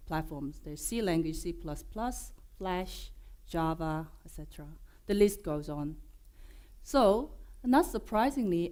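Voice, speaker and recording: Hoarse woman w/ korean accent giving a dev conference talk, lots of ums and uhs, kinda low. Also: mellow. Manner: friendly, joking, many fillers and restarts. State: hoarse, unwell voice. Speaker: conference presenter. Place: conference room.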